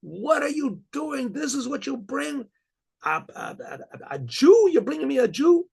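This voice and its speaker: Hot-tempered baron who yells high, put on by a husky male storyteller. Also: big pitch swings, measured pace, exaggerated voice. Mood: furious. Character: hot-tempered, bellowing Jew-hating man, a baron.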